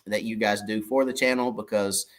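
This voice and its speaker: A man's voice: lowish voice, fairly even intonation, normal speed. A middle-aged man, hosting a casual fishing livestream in a folksy, rambling way and greeting viewers by name. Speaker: fishing channel livestream host.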